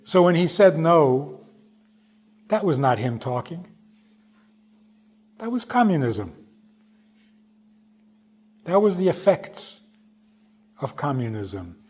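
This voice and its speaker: A man, a rabbi, giving a storytelling talk, speaking slowly and emphatically and acting out the quoted voices. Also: on the high side, very animated, a little mellow, breathy edge. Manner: slow, emphatic, acts out quotes. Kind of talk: storytelling lecture.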